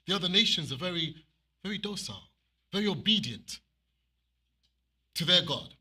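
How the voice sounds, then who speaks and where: A man preaching an animated sermon and reading scripture aloud, with emphatic repeated phrases. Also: sits high, moderate pace, pauses often, breathy edge.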